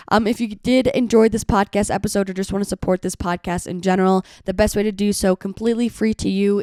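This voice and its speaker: A young woman hosting her own solo podcast, a little hoarse from being sick, talking in an earnest, chatty way with lots of "like". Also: fairly low pitch, a little mellow, dry recording, studio quality. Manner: chatty, earnest, heavy use of "like". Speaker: podcast host. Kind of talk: solo motivational podcast talk.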